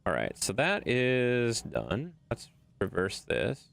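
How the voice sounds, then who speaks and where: A male game streamer from Wisconsin talks to his viewers as he plays. He is blunt, swears freely and argues with chat. His voice is animated and swings widely in pitch. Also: slow pace, vocal fry, no echo.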